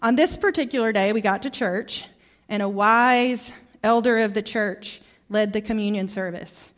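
A middle-aged guest preacher from Arkansas speaks with a Southern accent, sharing a heartfelt storytelling sermon within a church sanctuary. She keeps a moderate pace in a mid-range voice, repeatedly dropping to soft, quiet tones.

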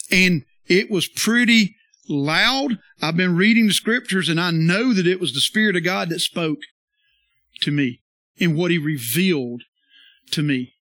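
A man preaching a sermon as pastor, folksy and conversational, repeating phrases and rising to emphatic loud bursts. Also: sits high, no room sound.

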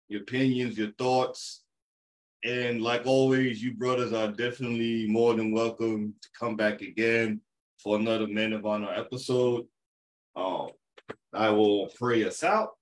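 Male podcast host, mid pitch, loose and chatty, leads the closing prayer.

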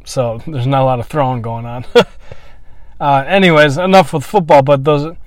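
A man telling a personal story in a candid, reflective monologue, swearing freely and pausing to restart his thoughts. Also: mid-range voice, steady tone, no echo.

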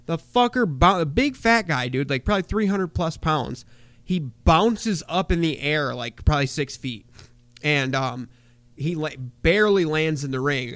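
Guy cohosting a podcast, kinda higher voice, swears a lot, rambles with likes and ums. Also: dry recording. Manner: animated, profane, filler-heavy storytelling. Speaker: podcast co-host. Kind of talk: casual chat, storytelling.

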